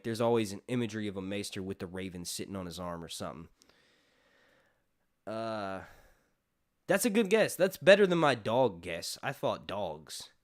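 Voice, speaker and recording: A man rambling through a casual live stream chat with an animated voice that jumps around in pitch. He talks loosely, swears freely and laughs often. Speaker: YouTube host.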